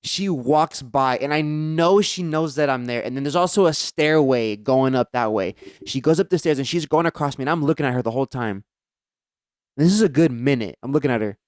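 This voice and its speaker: Young male podcast co-host, earnest animated storyteller, smooth voice, dry sound. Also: medium pitch, a little fast, dry recording. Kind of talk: casual chat.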